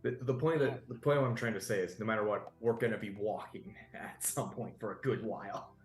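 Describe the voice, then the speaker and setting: A man's voice: fairly low pitch, brisk. A man playing a tabletop game, blunt and insistent. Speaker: player. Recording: roomy echo.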